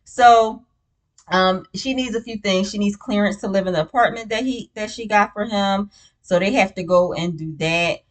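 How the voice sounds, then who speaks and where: A woman's voice: medium pitch, normal speed. A woman recapping a reality show in casual, blunt, opinionated chat, with many "you know what I'm saying" fillers.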